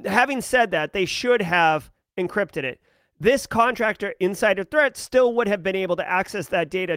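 A man's voice: high voice, a bit bright, no echo, studio quality. A man hosting a tech news show, ranting emphatically and sarcastically about a data breach and business decisions.

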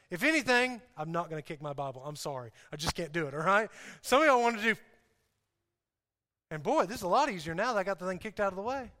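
A man preaching a sermon to a congregation in an animated, joking way, often repeating himself and restarting. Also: very high voice. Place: church hall. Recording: hall reverb.

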